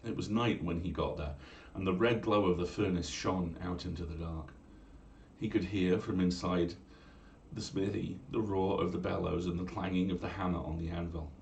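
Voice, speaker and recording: A man reading a fairy tale aloud at home in a measured, old-fashioned style for a bedtime story stream. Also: sits low, fairly even intonation, creaky, a little mellow, echoey room, far from the mic, a little hiss or hum.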